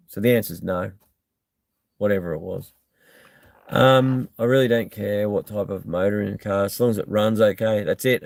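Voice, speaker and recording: A man's voice: fairly low pitch, vocal fry, a little mellow, no room sound. An Australian man hosting a live stream, chatting casually and bluntly as he reads out and answers viewer comments, with lots of ums.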